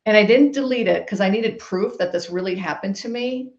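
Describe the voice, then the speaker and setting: A woman guest telling a personal story in a podcast conversation, emphatic and lively. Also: mid-range voice, a little fast. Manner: animated, emphatic storytelling with laughs. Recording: roomy, dull-sounding recording.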